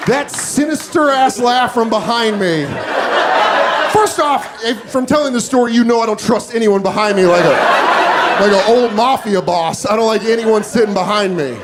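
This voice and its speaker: A man doing stand-up comedy, telling a story with a lively, profane, animated delivery and acting out the other voices. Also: high voice, moderate pace, heavy background noise. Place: comedy club stage with live audience. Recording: loud audience laughter behind.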